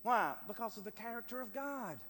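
A middle-aged man preaching a fervent, animated sermon, piling up emphatic repeated phrases. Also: extremely high pitch, brisk. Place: church sanctuary. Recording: long reverb of a church hall, faint hum.

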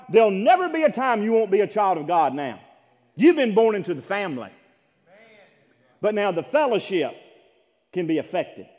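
High-voiced fervent preacher in a reverberant church. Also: male voice. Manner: fervent, swings from hushed to shouting; repeats and restarts phrases, calls for amens. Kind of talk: sermon. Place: church sanctuary. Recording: long hall reverb.

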